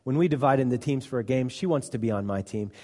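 A man voicing a young female sheep in a children's story, read aloud in a soft, storybook manner. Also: mid-range voice, fast talker, long reverb tail, close to an everyday voice. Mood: irritated. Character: young female sheep, easily annoyed, then humbled.

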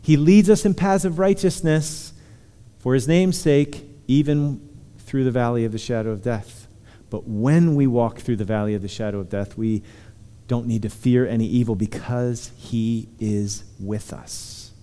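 A man's voice: mid-range voice, measured pace, warm tone. Man preaching in a reverberant hall. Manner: earnest, reassuring preaching, reading scripture aloud. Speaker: pastor. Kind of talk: sermon.

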